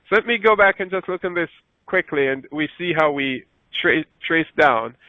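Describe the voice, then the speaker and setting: A man leads a scripture lesson, and his voice goes up whenever he reads the verses aloud. He pauses to fix his own mistakes as he goes. The sound is thin and phone-like, with a dry, close feel. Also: no room sound. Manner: rises in pitch when reading scripture aloud, self-correcting. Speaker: Bible teacher.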